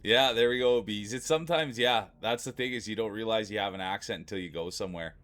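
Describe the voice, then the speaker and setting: Chatty male streamer with a low voice. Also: quick pace, fairly bright tone. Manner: chatty, friendly, repeats himself. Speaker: live streamer. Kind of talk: casual chat with live viewers. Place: at home.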